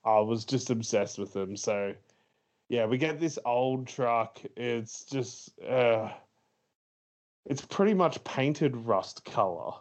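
A man's voice: mid-range voice, expressive, slow pace. A man co-hosting a casual podcast, retelling a movie's plot with lots of fillers and laughs. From Australia. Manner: rambling, laughs often, many fillers. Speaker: podcast co-host. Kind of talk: casual movie review chat.

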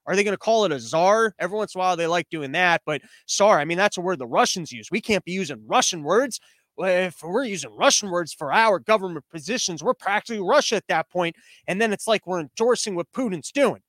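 A man's voice: high-pitched, lively intonation, fast talker, a bit bright, no echo. A man hosting a show from his living room studio, riffing in a rambling, sarcastic way with frequent restarts. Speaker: podcast host. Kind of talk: casual comedic commentary.

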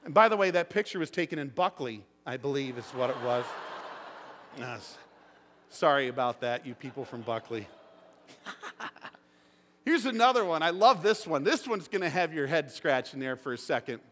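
A middle-aged pastor delivers a sermon in a church sanctuary, telling animated stories with acted-out quotes. His voice is a little high at normal speed with long pauses, and the recording has slight background noise and long hall reverb.

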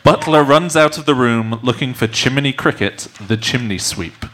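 A man narrates a comedy sketch, reading the scene directions at an ordinary mid pitch. He drops in playful, wry asides between them. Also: normal speed, a bit bright.

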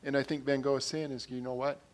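A man preaching a sermon in an earnest way, repeating his phrases and growing louder when he reads quotes and scripture. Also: mid-range voice, flat delivery, fast talker.

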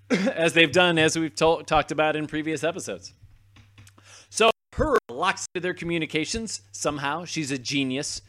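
A man's voice: on the high side, normal speed. A man co-hosting a podcast, casually recapping a TV episode and acting out the scenes as he goes. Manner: lively retelling, acting out scenes. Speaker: podcast co-host.

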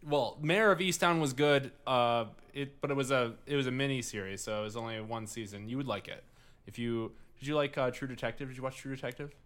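A man's voice: medium pitch, a little fast, fairly bright tone, smooth. A man with a Midwestern accent co-hosting a casual podcast, rambling with lots of fillers, restarts and swearing. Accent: Midwestern American. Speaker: podcast co-host. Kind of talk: casual chat.

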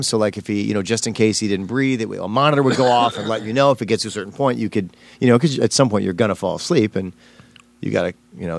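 A man's voice: lowish voice, no room sound. A man, a stand-up comedian, telling a personal story in a casual interview, rambling with many fillers and restarts.

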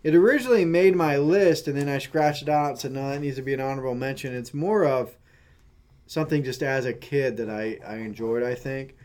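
A man's voice: medium pitch, a little fast, a little mellow. Man, podcast co-host, casual chat, rambling, lots of ums, teasing. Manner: rambling, filler-heavy, teasing.

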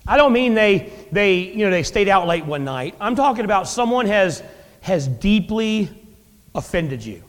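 A high-voiced male pastor delivering a sermon in a casual, conversational way, swinging up and down for emphasis. His voice rings out with a long reverb, as in a large church. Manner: conversational preaching with dramatic pitch swings and asides.

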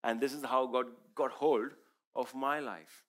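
A man's voice: mid-range voice, steady tone, unhurried, a bit bright. A man whose first language is Urdu, giving an earnest, emphatic sermon testimony as a preacher.

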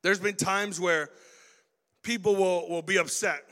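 A man preaching a sermon to young people, animated and acting out everyday scenes as he talks. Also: high voice, a little slow, in a large hall.

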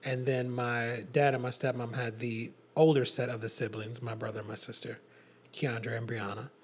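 A man's voice: mid-range voice, level tone, normal speed, husky. A man hosting a podcast, chatting loosely and laughing as he drinks tequila. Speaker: podcast host. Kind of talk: casual podcast chat.

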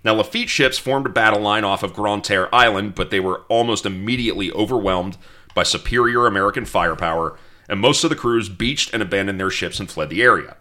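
Man, podcast host, history narration, wry asides, low pitch, bright voice. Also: fairly quick. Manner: storytelling, reads quotes aloud, wry asides.

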